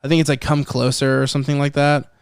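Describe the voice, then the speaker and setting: A man hosting a film podcast in casual chat, animated, swearing freely and acting out scenes from the movie. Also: mid-range voice, fast talker, creaky, clean tone, no echo, clean studio sound.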